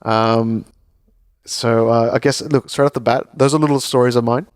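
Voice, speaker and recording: A man's voice: mid-range voice, steady tone, moderate pace. Laid-back Australian man, crude banter. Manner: crude, laughing banter with many fillers. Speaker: podcast co-host. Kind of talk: casual chat.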